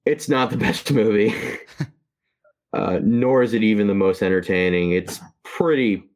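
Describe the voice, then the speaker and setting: A man co-hosting a podcast, reviewing a movie in casual chat, halting with many fillers and restarts. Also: fairly low pitch, darkish tone. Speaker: podcast co-host.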